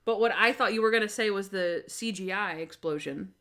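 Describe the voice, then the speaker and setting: A young woman co-hosting a podcast in casual chat, animated and acting out scenes in quoted voices. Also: mid-range voice, a little fast. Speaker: podcast co-host.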